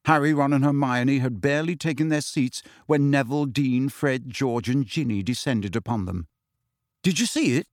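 A man narrating an audiobook in an expressive storytelling manner. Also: medium pitch, moderate pace, few pauses, no echo, clean studio sound.

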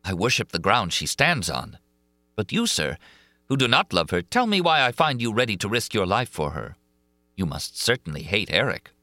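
A man's voice: fairly low pitch, very animated, normal speed, sharp tone, no echo, voice pushed up. A man voicing an earnest, anxious young nobleman in an audiobook reading, asking urgent, pleading questions.

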